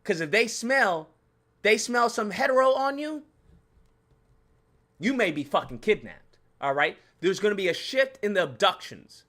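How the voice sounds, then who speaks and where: A man hosting his channel, telling a profane, animated story in a casual rant, laughing and acting out his own reactions. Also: sits high, a little slow, pauses often. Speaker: channel host.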